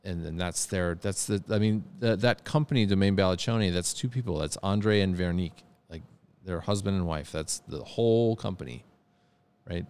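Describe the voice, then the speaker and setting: A man's voice: sits low, moderate pace, a little mellow, clean tone. A man chatting casually and with enthusiasm, often repeating words as he searches for them. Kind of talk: casual chat.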